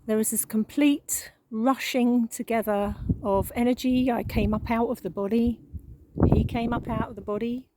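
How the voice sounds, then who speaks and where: A woman giving an emotional spiritual monologue, halting and repeating words, with frequent sighs. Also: a little high, steady tone, dark tone, slight background noise, low-quality recording. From England. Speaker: spiritual channel.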